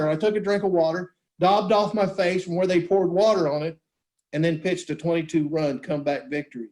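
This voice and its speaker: A man chatting casually as a guest, telling lively stories and acting out the voices of other people. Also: fairly high pitch, a little fast. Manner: animated storyteller, acts out voices in quotes. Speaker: guest, beep baseball pitcher. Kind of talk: casual storytelling chat.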